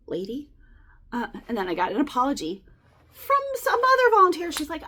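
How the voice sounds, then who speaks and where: A woman's voice: high voice, sing-song, brisk, bright, forceful tone. A woman chatting casually and rambling as she sorts and resells clothing, sometimes dropping to whispered asides. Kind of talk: casual chat while sorting clothes.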